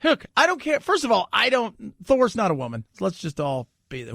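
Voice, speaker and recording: A male talk radio host riffs in a chatty, joking way. His voice sits high and has a gravelly edge, caught close on a dry studio mic. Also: wildly swooping pitch, a little fast, bright, forceful tone, no echo. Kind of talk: casual opinionated talk radio.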